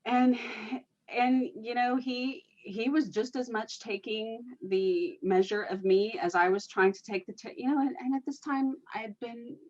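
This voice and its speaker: A woman's voice: fairly high pitch, steady tone, a little slow, a little mellow. Rambling woman with a muffled, lo-fi sound. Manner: rambling, lots of "you know" and "like". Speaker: energy worker and guest. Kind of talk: casual storytelling conversation.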